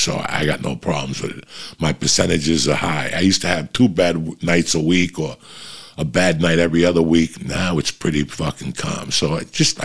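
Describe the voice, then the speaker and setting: A man's voice: low voice, gravelly, breathy edge. A middle-aged man hosting a podcast, telling long profane rambling stories to his listeners. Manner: profane, rambling, animated anecdotes. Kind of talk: casual rambling storytelling.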